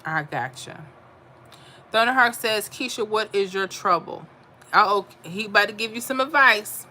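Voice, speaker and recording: Woman, crisp bright voice, casual livestream chat, reads comments and answers them. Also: medium pitch, expressive, moderate pace, a little hiss or hum. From Florida. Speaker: livestream host reading chat.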